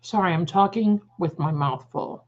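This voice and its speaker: A woman with a fairly low voice, speaking at normal speed, hosts a casual psychic livestream, chatting and greeting viewers by name. The stream audio is dull and lo-fi.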